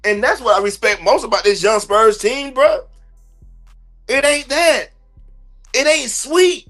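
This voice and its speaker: A man's voice: very high voice, measured pace, fairly bright tone, soft background music. A man hosting a sports podcast livestream, ranting bluntly and profanely in heavy slang. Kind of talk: heated livestream sports rant.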